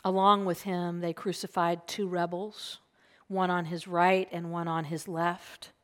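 Woman preacher, slow and earnest, sermon storytelling, hushed asides. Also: lowish voice, flat delivery, clean tone. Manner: earnest, drops to a hushed whisper for emphasis. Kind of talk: sermon retelling a gospel passage.

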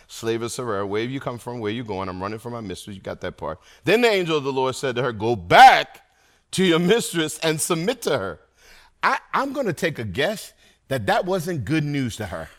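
A middle-aged man preaching a sermon to a congregation, animated and energetic, calling out to the crowd between points. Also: mid-range voice. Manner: animated preaching with call-and-response asides. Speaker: pastor.

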